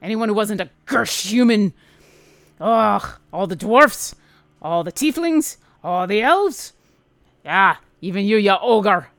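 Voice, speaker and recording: Woman playing a grumpy dwarf druid: gruff, loud, indignant, dry close sound. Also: mid-range voice, lively intonation, takes it slowly, no room sound. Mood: aggrieved. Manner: indignant, shouting, rough dialect.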